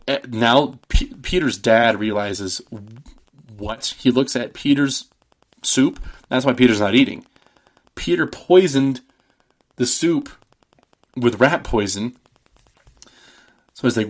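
A man in his thirties casually recapping a film on a podcast, rambling and swearing, acting out the characters' lines. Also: medium pitch. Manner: rambling, swearing, acts out quotes with laughs. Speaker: podcast host.

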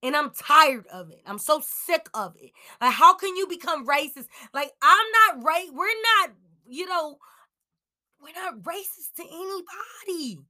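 A young woman hosting a podcast, ranting in anger, yelling and swearing. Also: high-pitched, animated, unhurried. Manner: yelling, heated, profane. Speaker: podcast host. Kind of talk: angry personal rant.

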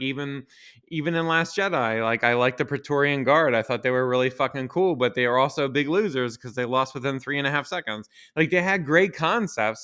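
A man's voice: mid-range voice, bright, forceful tone, clear, resonant tone. A man hosting a podcast, delivering a casual, exasperated rant full of swearing and rhetorical questions. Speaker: podcast host. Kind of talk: casual ranting monologue.

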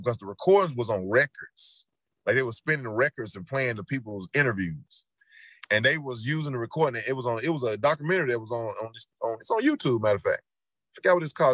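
A middle-aged man with a Southern Memphis accent speaks in an earnest, preachy way, looping back on his words to press a point. His voice sits at an ordinary middle pitch and is recorded dry, with no room sound. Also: a bit bright, no echo. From Memphis, Tennessee. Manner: earnest, repetitive, preachy storytelling. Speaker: rapper guest. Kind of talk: casual interview talk.

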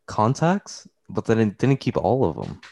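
A teenage boy talking casually as a podcast guest, teasing his friends and quick to react. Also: on the low side, huge pitch swings, gravelly, a crowd in the background.

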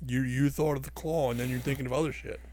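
A man's voice: mid-range voice, fairly even intonation, quick pace, a little mellow, slight background noise. A man co-hosting a podcast in crude banter, indignantly denying everything and swearing often. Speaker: podcast co-host.

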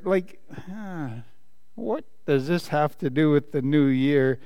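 A man, a pastor, reading a children's story aloud during a sermon, animated and playful with laughing asides. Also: fairly high pitch, smooth, in a large hall.

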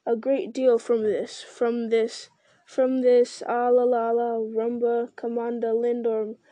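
An ancient, unhurried male tree giant from a storybook, pondering every word and humming to himself, read by a woman. The voice sits fairly high and mellow in a dry, close sound. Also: flat delivery, no room sound. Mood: musing. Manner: slow, deliberate, musing with hums. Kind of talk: reading a fantasy novel aloud.

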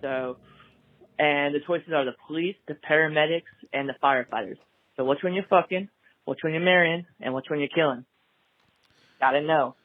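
A man's voice: a little high, a little fast. A man calling in to a podcast with a blunt, profane voicemail question. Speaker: caller. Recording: tinny phone line.

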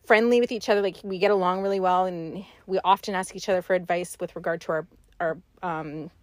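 A woman's voice: lowish voice, brisk, no echo. A woman co-hosting a podcast in casual chat, telling stories with quoted dialogue. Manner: animated storytelling with quoted dialogue. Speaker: podcast co-host.

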